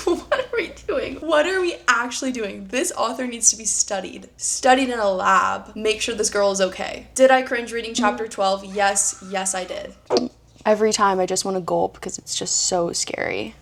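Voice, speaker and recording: A woman's voice: medium pitch, moderate pace, vocal fry, a bit bright, slight background noise. A young woman in her twenties casually reviewing a book at home, with dramatic, sarcastic jokey asides. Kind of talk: casual vlog commentary. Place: at home, bedroom.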